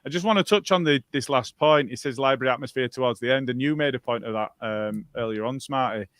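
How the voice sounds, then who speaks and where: Brief: male podcast host, halting with fillers, dry close mic. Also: medium pitch, a bit bright, no room sound. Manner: hesitant, many ums, reads listener comments. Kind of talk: casual football chat.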